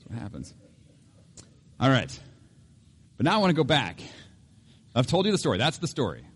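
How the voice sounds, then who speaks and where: Man, middle-aged, pastor, sermon, animated, joking, middle pitch. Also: normal speed, slight background noise. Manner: animated, joking, acts out voices, laughs often.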